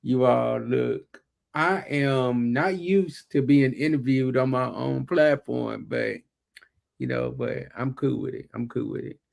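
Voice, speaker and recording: A podcast co-host and executive producer chats casually, making his points emphatically and repeating them. He has a medium-pitched voice with vocal fry and keeps a measured pace.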